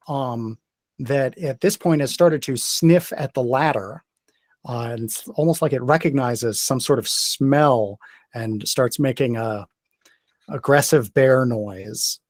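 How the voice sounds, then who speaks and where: A man runs a tabletop game as its game master, feeling his way through each scene with frequent pauses and restarts. His voice sits at a middling pitch. The sound is close and dry, with no room around it. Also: darkish tone, no echo. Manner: hesitant, many fillers and restarts.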